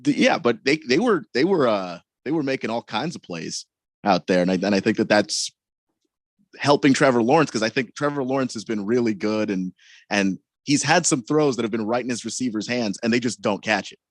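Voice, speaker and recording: A man's voice: medium pitch, expressive, brisk, no echo, studio quality. A man co-hosting sports radio in casual talk, hesitant and repeating words.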